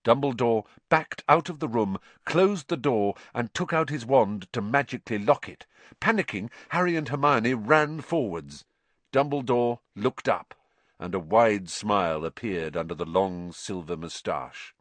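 A man narrating a storybook audiobook with expressive, varied reading. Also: mid-range voice, measured pace, dry recording.

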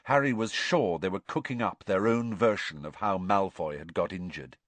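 A man reading a novel aloud as an audiobook narrator, with expressive storytelling on a close studio mic. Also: deep voice, moderate pace, no echo.

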